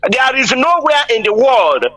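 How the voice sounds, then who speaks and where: A man's voice: very high voice, sing-song, unhurried, pushed and bright. A man calling in to a live broadcast, speaking in an impassioned, denouncing way. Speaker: caller. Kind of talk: phone-in call to a live broadcast.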